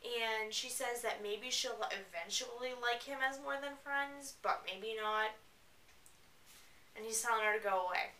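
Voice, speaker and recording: Woman, book reading, sarcastic asides, bright sharp tone, echoey room, a step back from the mic. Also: fairly high pitch, unhurried, recorded from a distance. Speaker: reader. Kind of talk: reading a novel aloud with sarcastic commentary. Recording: roomy, away from the mic.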